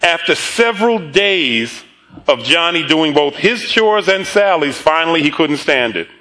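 A man's voice: on the high side, lively intonation, measured pace, pushed and bright, low-quality recording. A middle-aged man preaching a sermon, telling a story and often laughing as he talks, with repeated words and restarts. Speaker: pastor.

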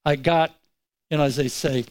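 A man delivers a sermon as a personal story, his voice sitting a little high. He tells it in an animated way, acting out his own words as he goes. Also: normal speed, low-quality recording. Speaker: pastor.

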